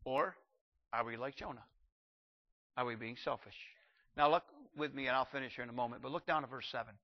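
An older man preaching a sermon, animated, shouting out acted quotes and slowing down to read scripture. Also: mid-range voice, highs cut off.

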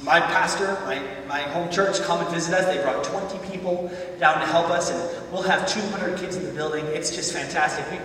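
A high-pitched man delivers a sermon, building his stories into loud, emphatic peaks. He sounds far from the microphone in a church sanctuary with a long, ringing reverb and a faint hum behind him. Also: a little fast. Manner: animated storytelling, rising to loud emphatic peaks. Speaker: visiting preacher. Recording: echoey church hall, far from mic.

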